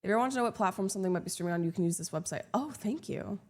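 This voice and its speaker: Deadpan sarcastic young woman streamer. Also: medium pitch, racing. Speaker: live streamer. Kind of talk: casual live-stream chat with viewers.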